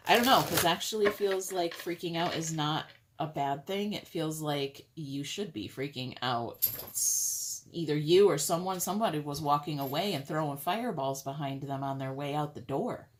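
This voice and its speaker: A woman's voice: low voice, normal speed, slight background noise. A woman giving a casual tarot reading to her viewers, chatty and blunt, with some swearing. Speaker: tarot reader.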